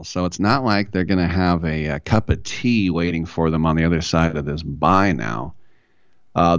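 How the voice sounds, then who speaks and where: A man's voice: low-pitched, no room sound, muffled recording. A man hosting a solo sports talk show, casual and opinionated with wry asides. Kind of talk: solo sports radio monologue.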